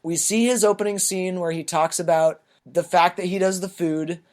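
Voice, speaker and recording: A man with a fairly high voice talks through his take on a film. He is loose and rambling, swears easily, and sounds like a relaxed podcast co-host in casual chat. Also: normal speed. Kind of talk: casual movie review chat.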